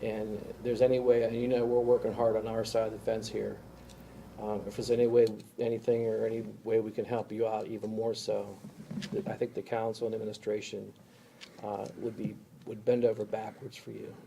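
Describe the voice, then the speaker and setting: A man's voice: lowish voice, level tone, fairly quick, vocal fry, dark tone, rough recording. A man on a city council giving earnest, rambling praise at a public meeting, growing emotional. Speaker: council member. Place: council chamber. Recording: faint room noise, council meeting.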